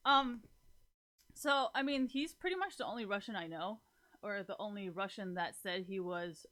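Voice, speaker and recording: A woman's voice: mid-range voice, normal speed, fairly bright tone. A young woman chatting to her viewers in a loose, rambling way, full of fillers, swearing and frequent laughter. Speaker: streamer talking to viewers. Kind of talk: casual rambling chat.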